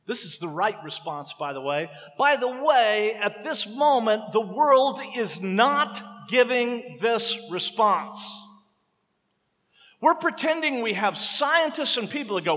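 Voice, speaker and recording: Male pastor, high voice, slow deliberate sermon delivery, long hall reverb. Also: animated, fairly bright tone. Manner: impassioned preaching, dramatic slow emphasis.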